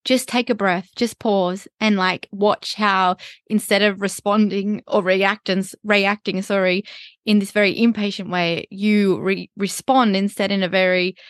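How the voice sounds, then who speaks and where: A woman co-hosting a casual wellness podcast, chatty and quick to agree, often saying "like". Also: medium pitch, level tone, no room sound, studio quality. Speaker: podcast co-host.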